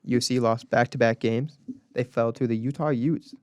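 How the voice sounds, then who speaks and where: A man's voice: medium pitch, fairly even intonation, moderate pace, smooth, no room sound. Young male college radio co-host, leads the segments and reads off numbers, dry booth sound. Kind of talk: casual sports talk.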